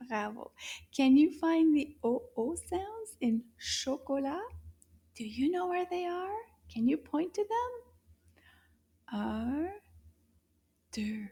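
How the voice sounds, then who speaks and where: A woman teaching young children a language lesson, talking in a slow, exaggerated, animated way with frequent gasps and hushed whispers. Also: high-pitched.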